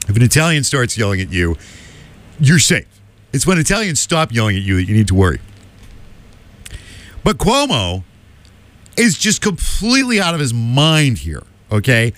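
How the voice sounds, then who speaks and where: A man's voice: mid-range voice, fairly bright tone. A man hosting a radio talk show, delivering a combative opinion monologue with emphatic asides. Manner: combative, emphatic, keeps asking "okay?".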